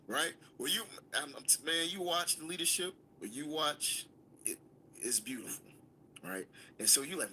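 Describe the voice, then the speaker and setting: A man's voice: on the high side, moderate pace, sharp tone, slight background noise. A man leading a scripture class, emphatic and commanding, calling on a student to read. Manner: emphatic, commanding, call-and-response. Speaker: Bible class teacher.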